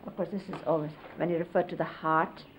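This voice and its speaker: A middle-aged woman casually reminiscing, explaining hand gestures in an unhurried, conversational way and often quoting others. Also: sits low, steady tone. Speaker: interviewee recalling life with a spiritual teacher. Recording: lo-fi 1970s videotape, faint hiss.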